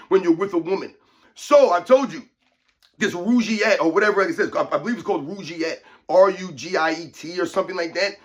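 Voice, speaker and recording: A man's voice: high-pitched, fairly bright tone. A man hosting a fitness channel, ranting emphatically to his viewers and repeating his points. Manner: emphatic, repetitive, keeps addressing viewers as guys. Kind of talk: opinion rant to viewers.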